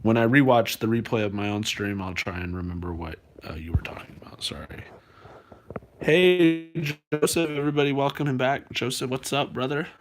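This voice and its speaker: A man's voice: medium pitch, brisk. A man live-streaming from home, chatting loosely with his viewers and rambling through fillers and restarts. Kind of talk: casual live-stream chat.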